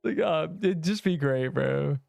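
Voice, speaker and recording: A man commentating his gameplay on a livestream, excitable, laughing often and rambling through asides. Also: fairly high pitch, unhurried, vocal fry, no room sound, studio quality.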